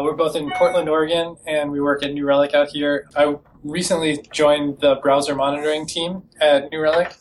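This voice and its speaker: A man, a software engineer guest, introducing himself in a casual interview with an even, matter-of-fact delivery. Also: fairly high pitch. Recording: distant mic with faint noise.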